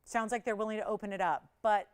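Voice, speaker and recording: A woman hosting a live TV jewelry shopping show, chatty and animated, laughing often and counting prices down. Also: mid-range voice, fast, clean tone. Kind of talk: live TV sales pitch. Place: TV shopping studio.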